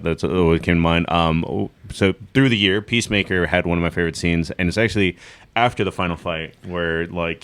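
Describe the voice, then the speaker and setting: A man co-hosting a casual podcast chat, recapping favorite scenes with many pauses and ums. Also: low voice, fairly bright tone, clear, resonant tone. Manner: rambling, hesitant with many ums. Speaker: podcast co-host.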